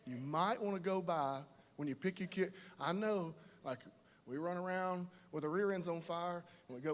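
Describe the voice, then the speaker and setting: A man preaching a sermon, animated and conversational, slipping into quoted voices. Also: high voice, moderate pace. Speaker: pastor. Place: large church auditorium. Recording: live church hall reverb.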